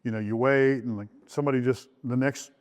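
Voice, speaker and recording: A middle-aged man, the groom, tells the story of how he met his wife. He talks candidly and jumps up in pitch when he acts out old conversations. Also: steady tone, fairly quick. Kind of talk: recorded interview about his relationship.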